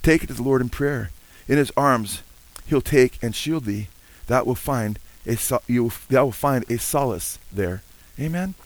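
An older man preaching with earnest feeling and frequent amens. He now and then breaks into hymn lines. His voice sits in a middle pitch, and the recording is dry. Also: animated, normal speed, hardly any pauses, no echo, low-quality recording. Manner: sings hymn lines between teaching. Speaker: pastor. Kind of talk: sermon.

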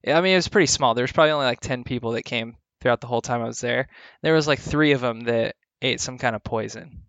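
A man chats casually, telling a rambling anecdote packed with filler words. His voice is smooth and resonant. The recording is dry and close, with no room sound. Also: medium pitch, fast, fairly bright tone, no room sound, highs cut off. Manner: rambling storytelling with frequent "like" fillers. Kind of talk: casual chat.

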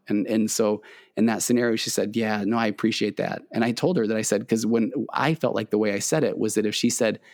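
A middle-aged man who works as a therapist speaks with a fairly low voice. He tells a personal story in an earnest, conversational way, acting out the dialogue between himself and his wife. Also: vocal fry, darkish tone. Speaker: therapist and host.

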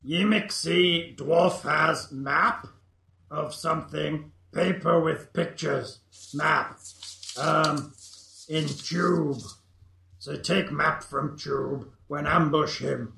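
A man's voice: fairly high pitch, very slow, vocal fry, sharp tone, roomy sound, a little hiss or hum, exaggerated voice. A man voicing a male goblin captive who talks in broken, clipped grammar in a tabletop game. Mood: informing.

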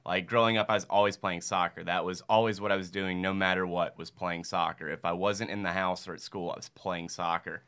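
As a podcast guest, this Mississippi man in his thirties talks casually and earnestly, rambling and using "like" constantly. His low, smooth voice is a bit bright and steady, moving briskly with hardly any pauses.

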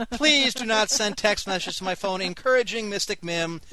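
A man's voice: high-pitched, moderate pace, crowd noise. A man hosting an online radio show, giving live commentary on a strategy game with wry, sarcastic asides. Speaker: host and game caster.

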